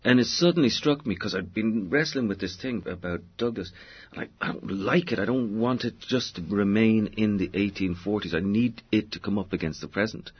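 A man's voice: lowish voice, a little fast, husky, lo-fi sound. An Irish man, a novelist, answering interview questions in a digressive, storytelling way with many fillers. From Ireland. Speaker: novelist guest.

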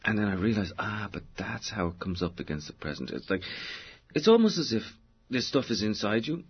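Irish male novelist, deep and raspy, expansive talker who fills gaps with "you know", dull broadcast sound. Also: lively intonation, brisk. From Ireland. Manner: expansive, digressive storyteller with many fillers. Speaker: novelist guest. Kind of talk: conversational interview answers.

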